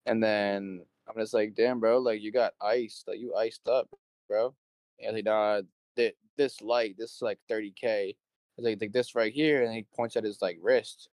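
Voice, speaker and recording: Young male guest, lowish voice, loose swearing storyteller, dry close mic. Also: fairly even intonation, normal speed, a little mellow, no room sound. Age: young adult. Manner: rambling storyteller, swears freely, acts out quotes. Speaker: interview guest, show promoter. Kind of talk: casual conversation.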